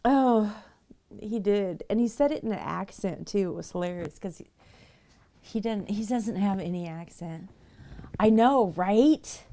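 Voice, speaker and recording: A woman's voice: medium pitch, normal speed, gravelly, warm tone. A middle-aged woman casually telling stories to her livestream viewers, chatty and laughing often. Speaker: livestream painter.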